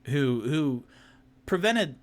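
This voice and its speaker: A man's voice: fairly high pitch, animated, very slow. A man narrating a solo tabletop game as game master, rambling, with fillers and self-corrections.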